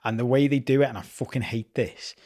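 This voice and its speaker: A Liverpool man in his forties co-hosts a relaxed podcast. He tells stories in a lively way and swears freely, with a mid-range voice. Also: medium pitch, fairly quick. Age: 40s. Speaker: podcast co-host. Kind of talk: casual chat.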